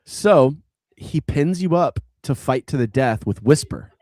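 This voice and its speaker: A man's voice: medium pitch, lively intonation, measured pace, a little mellow, dry recording, studio quality. A man on a podcast retelling a video game story in a casual, rambling way, full of likes and restarts. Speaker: podcast co-host.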